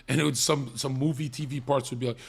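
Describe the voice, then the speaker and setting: Husky young man ranting on stream. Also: mid-range voice, fairly even intonation. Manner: profane, fast storytelling with mocking quoted voices. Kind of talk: casual stream chat.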